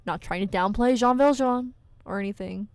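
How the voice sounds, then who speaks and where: A woman's voice: mid-range voice, normal speed, no echo. A woman co-hosting a radio show in casual chat, chatty and steering the talk back on track.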